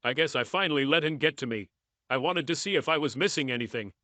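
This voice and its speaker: A woman's voice: deep voice, animated, fast, a bit bright, no room sound. A man reading the lines of a remorseful unfaithful wife, speaking in a pleading, apologetic way. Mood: confessing.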